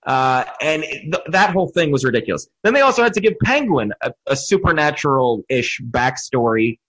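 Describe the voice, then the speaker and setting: A man talks casually as a podcast guest, venting with profane enthusiasm. His voice is slightly raised and a little husky, and it rises and falls widely as he gets worked up. He rants more than he reasons. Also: a little high, a little fast, rough recording. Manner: animated, profane, ranting criticism. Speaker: podcast guest, comedy writer. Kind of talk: casual chat.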